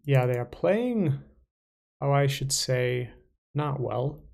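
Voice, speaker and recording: Young male chess streamer, gravelly mid voice, loose self-talk while playing. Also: medium pitch, lively intonation, slow pace, a little mellow. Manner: casual, self-talking, playful asides and mumbles. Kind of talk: thinking aloud while playing online chess.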